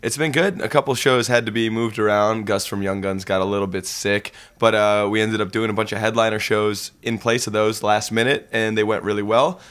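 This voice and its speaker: A man's voice: lowish voice, steady tone, fairly quick, hardly any pauses, fairly bright tone, clear, resonant tone. A young man from a touring band, chatting and joking casually in an interview. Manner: laid-back, joking. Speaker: band member guest.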